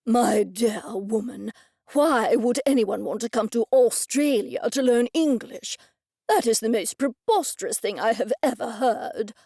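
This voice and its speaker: A woman voicing a fussy, haughty gentleman who talks in a pompous stage whisper. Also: fairly high pitch, a little slow, creaky, no room sound, clean studio sound. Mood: indignant.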